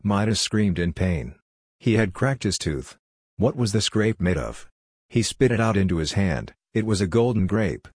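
A man's voice: fairly low pitch, lively intonation, moderate pace, a little mellow, husky, no room sound, clean studio sound. A man narrating a scripted storybook in a plain, lightly humorous way.

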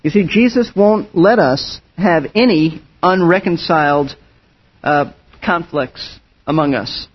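Pastor, male, high and husky voice, earnest emphatic sermon delivery, dull lo-fi recording. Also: slow pace. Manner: earnest and emphatic, with frequent restarts. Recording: dull lo-fi sound.

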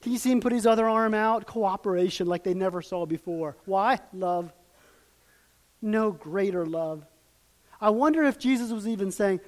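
A man preaching a sermon, moving between loud, emphatic peaks and hushed, quiet passages, acting out lines and asking questions. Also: high-pitched, normal speed. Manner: dramatic, acts out quoted lines and asks the audience questions.

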